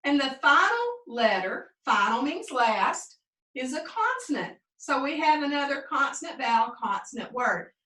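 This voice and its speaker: A woman teaching first grade phonics, prompting young pupils and slowly sounding out words in a sing-song way. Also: high voice, expressive, sharp tone. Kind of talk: remote phonics lesson for young children. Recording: echoey room, mic at a distance.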